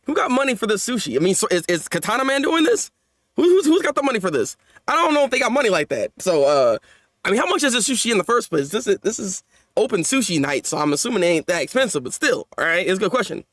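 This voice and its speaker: A man with a high, lively voice that leaps all over the place, reacting live in a casual, slangy way. He stumbles and repeats words as he talks, and the recording is dry and close. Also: fast talker, dry recording. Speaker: manga reaction YouTuber.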